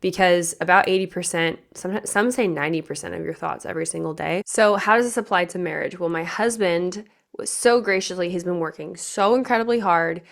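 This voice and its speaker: A young woman hosting a motivational podcast as a pageant coach, chatty and energetic, often asking her listeners questions. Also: fairly low pitch, a little fast, gravelly. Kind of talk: motivational solo podcast talk.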